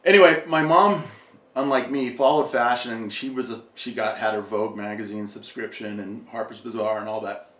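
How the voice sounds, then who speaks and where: A man's voice: mid-range voice, fairly even intonation, moderate pace, a bit bright, far from the mic. Guy rambling through a story with lots of likes and ums, laughs a lot, sounds a bit away from the mic in a roomy space. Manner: rambling, filler-heavy, laughs often. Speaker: podcast guest. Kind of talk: casual storytelling.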